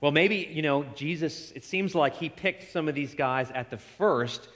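A man in his forties preaching a sermon, retelling scripture with lively acted-out dialogue and casual asides. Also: on the high side, a little slow. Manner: animated storytelling, acts out quoted dialogue. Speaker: pastor. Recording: long hall reverb.

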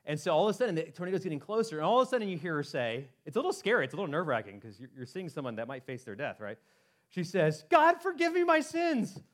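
Animated male pastor preaching. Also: fairly high pitch, rapid-fire. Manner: animated, acts out quoted voices, frequent restarts. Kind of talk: sermon.

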